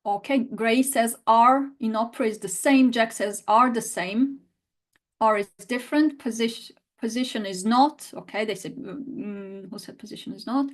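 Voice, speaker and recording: A woman's voice: fairly high pitch, moderate pace. A woman teaching a live online lesson, reading out student answers and repeating sounds for learners to copy. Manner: demonstrates sounds by repeating them. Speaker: language teacher.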